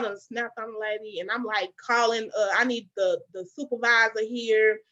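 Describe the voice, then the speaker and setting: A woman's voice: fairly high pitch, moderate pace, few pauses, dull audio. A woman podcast host telling a personal story in candid, emphatic talk, full of fillers and asides to her listeners. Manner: animated, emphatic, many fillers and y'all asides.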